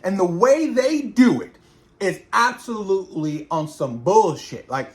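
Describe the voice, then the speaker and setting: Animated man recapping a horror episode. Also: high voice, measured pace. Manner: animated, slangy, repeats words. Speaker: show reviewer. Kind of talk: reaction recap.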